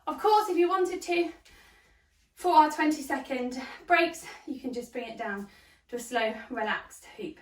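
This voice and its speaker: A woman's voice: high voice, measured pace, echoey room, far from the mic. A woman leading a hoop workout, out of breath, cheering people on and counting down the reps. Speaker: fitness instructor. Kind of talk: workout instruction.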